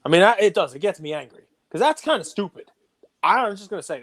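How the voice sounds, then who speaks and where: A middle-aged podcast co-host chats casually in a high-pitched, slightly quick voice. He gets animated as he goes, working himself up into a rant.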